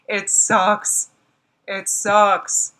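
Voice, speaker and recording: A woman's voice: mid-range voice, flat delivery, extremely slow, bright, forceful tone, low-quality recording. A woman hosting a casual reaction stream with a New Jersey accent, talking bluntly and with exasperation, laughing often. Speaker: host reacting to a livestream.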